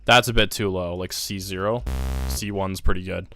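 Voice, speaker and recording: Low-voiced man explaining synth settings. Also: normal speed, over music. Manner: relaxed, thinking aloud with fillers. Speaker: music production tutor. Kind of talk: casual screen-recorded tutorial.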